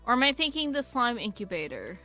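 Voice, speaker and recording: A woman's voice: on the high side, big pitch swings, brisk, sharp tone. Chatty, sweary woman gaming streamer. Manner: rambling, sweary, self-mocking asides. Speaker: gaming channel host. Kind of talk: casual let's-play commentary. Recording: faint game music behind.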